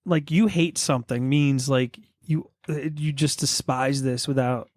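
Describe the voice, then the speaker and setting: A man's voice: medium pitch, fairly even intonation, a little slow, dry recording. A man in his thirties and a father, hosting a casual podcast, asking questions and laughing easily with playful interjections. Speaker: podcast host. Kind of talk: casual chat.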